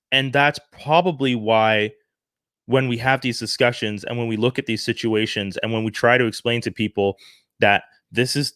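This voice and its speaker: A man from Canada giving an earnest, animated opinion monologue, often restarting his sentences. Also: medium pitch, smooth, no room sound, studio quality. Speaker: commentary vlogger.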